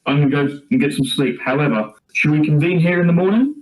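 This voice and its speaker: A man's voice: a little high, quick pace, lightly acted, poor audio. A man voicing a polite, genteel male adventurer who speaks in a courteous, clipped way.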